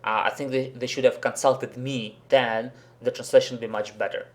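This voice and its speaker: A man's voice: mid-range voice, steady tone, moderate pace. A man hosting a commentary video, giving a blunt, sarcastic and profane critique. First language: Russian. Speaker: host, professional interpreter.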